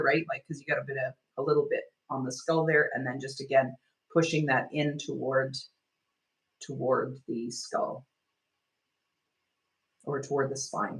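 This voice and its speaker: A woman leading a live online healing workshop, talking gently and loosely, with many restarts and fillers as she guides a self-care technique. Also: low-pitched, moderate pace, rough recording. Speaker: energy healing teacher.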